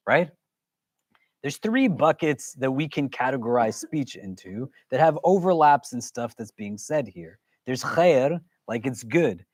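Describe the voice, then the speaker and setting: A man's voice: mid-range voice, dry recording. A man teaching a religious class, talking conversationally and often putting questions to the audience. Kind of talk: interactive religious lesson.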